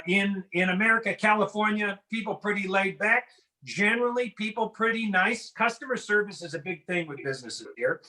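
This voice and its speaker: A man's voice: sits high, bright, forceful tone. A middle-aged man performing a conversational, self-deprecating stand-up set from his home over a video call. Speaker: stand-up comedian. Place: home in a house.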